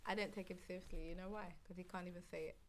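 A woman co-hosting a podcast, teasing in a low-key way. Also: steady tone, very fast, a crowd in the background. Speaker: podcast co-host. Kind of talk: casual chat.

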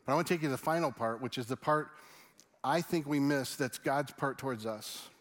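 A middle-aged man preaching a sermon, swinging between loud excited stories and hushed, earnest appeals. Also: medium pitch, a little fast. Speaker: pastor.

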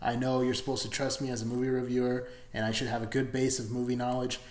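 A man's voice: medium pitch, level tone, fast, a little mellow, roomy sound, a little hiss or hum. Rambling, profane man reviewing a movie. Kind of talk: casual movie review rant.

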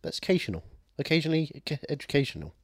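A man's voice: fairly high pitch, very animated, racing, creaky, breathy edge, dry recording, studio quality. A man hosting a podcast, chatting casually with sweary jokes. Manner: joking, sweary banter. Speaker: podcast host. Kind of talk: casual chat.

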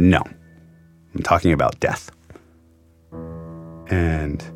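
A man, a journalist, earnestly retelling an emotional story from his own experience, quoting the dialogue. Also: low-pitched. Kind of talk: storytelling interview.

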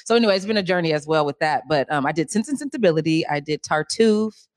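A woman actress talking casually in an interview, laughing often and animated. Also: low-pitched, quick pace, no room sound. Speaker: guest actress.

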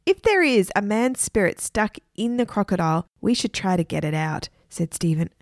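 A woman voicing an anxious, earnest young boy in a storybook reading, speaking in a hushed, worried way. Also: mid-range voice, lively intonation, normal speed, dry recording, clean studio sound, lightly acted.

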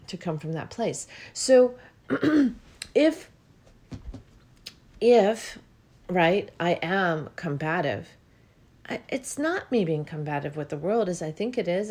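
A woman's voice: lowish voice, darkish tone. A woman giving a reflective spiritual talk about listening to the body, earnest and repetitive, her voice rising with feeling and at times close to tears.

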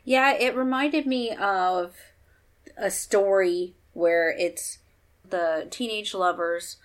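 Slow-talking woman agreeing along. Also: mid-range voice. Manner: agreeable, mostly brief replies. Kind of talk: casual movie review chat.

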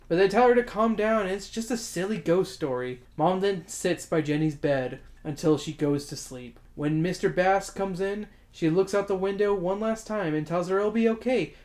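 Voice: medium pitch, moderate pace, hardly any pauses, a little mellow. A podcast host summarizing and reading a kids' horror story aloud, then chatting casually and swearing now and then. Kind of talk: casual book club chat and reading aloud.

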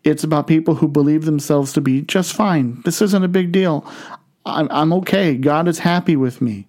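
A man preaching a sermon, reading scripture in a measured, deliberate way. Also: a little high, a little mellow. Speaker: pastor.

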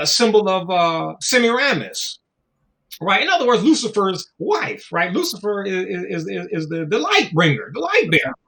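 Animated, slangy man telling stories. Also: high-pitched. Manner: animated storytelling, slangy and profane, acts out voices. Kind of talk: casual podcast conversation.

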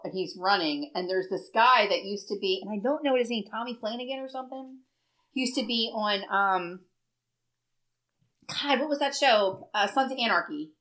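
A woman's voice: mid-range voice, a bit bright, rough recording. A woman co-hosting a casual chat show, talking bluntly and profanely in a rambling way. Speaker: podcast co-host.

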